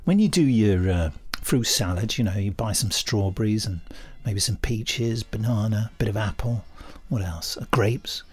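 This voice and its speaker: A man's voice: on the low side, animated, measured pace, husky. A man co-hosting a podcast, chatting casually and rambling with frequent laughs. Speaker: podcast co-host. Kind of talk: casual chat.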